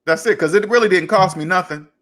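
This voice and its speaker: Voice raised and sitting high, a personal finance channel host talks at a quick pace. He tells a story in a casual, animated way, playing both sides of an argument through quoted dialogue.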